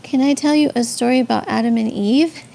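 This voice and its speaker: A woman from San Antonio, Texas, with a Tex-Mex accent, hosts a live stream where she chats with viewers, answers their comments, and tells faith stories. Her voice is high, gravelly, and warm, and she talks at a moderate pace. She's chatty, with frequent ums and restarts.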